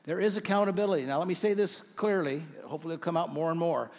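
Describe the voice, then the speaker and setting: A middle-aged male pastor preaching a sermon to his congregation, earnest, with rhetorical questions and slow scripture readings. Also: on the high side, creaky, darkish tone, long reverb tail. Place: church sanctuary.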